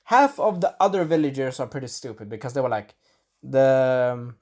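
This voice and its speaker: A Swedish-born speaker recapping an episode in a casual, rambling review, stumbling over names and acting out quotes, and now and then clearing a scratchy throat. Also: medium pitch, lively intonation, moderate pace, a little mellow. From Sweden. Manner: rambling, enthusiastic, acts out quotes in little voices. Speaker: video reviewer. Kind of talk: casual spoiler review monologue.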